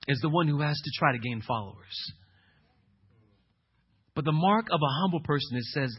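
A man's voice: moderate pace, husky. Emphatic preacher man, muffled recording. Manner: emphatic, swings from loud declarations to low intense asides. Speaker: pastor. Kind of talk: sermon.

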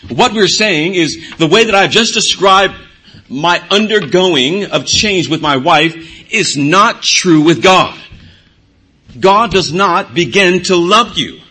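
A man's voice: high-pitched, lively intonation, slow pace, pushed and bright, slightly rough. A middle-aged man preaching a sermon, teaching earnestly and repeating key words for emphasis. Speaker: pastor.

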